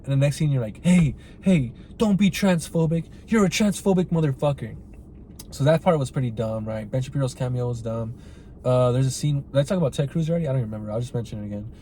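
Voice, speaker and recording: A man's voice: medium pitch, very fast, warm tone, slight background noise. A man hosting a podcast, giving a casual, rambling film review full of swearing and "like" and "right?". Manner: rambling and profane, heavy use of "like" and "right?".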